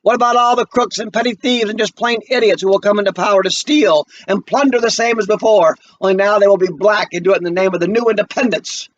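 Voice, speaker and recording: Man voicing a heated young woman idealist, pitched up high, muffled lo-fi audio. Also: quick pace, hardly any pauses. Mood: scornful.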